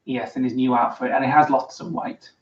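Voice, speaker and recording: A man's voice: medium pitch, fairly even intonation, fairly quick. A man vlogger in casual livestream chat, reading out viewer comments with frequent ums. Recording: roomy, distant, dull sound.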